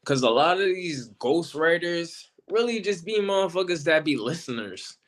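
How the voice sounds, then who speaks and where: Slangy, animated man talking battle rap. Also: a little high, normal speed. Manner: animated, slangy, repeats himself. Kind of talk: casual commentary monologue.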